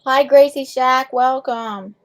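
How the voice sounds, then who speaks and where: A woman with a high voice co-hosts a relaxed livestream. She chats, repeats her words and welcomes viewers onto the panel. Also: slow pace. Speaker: livestream co-host. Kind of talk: casual chat.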